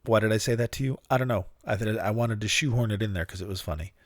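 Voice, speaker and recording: A man's voice: on the low side, quick pace, dry recording. A man hosting his own podcast in a rambling, profane, self-mocking way, laughing often and fighting a dry cough. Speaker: podcast host. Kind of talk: casual solo podcast talk. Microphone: studio podcast mic.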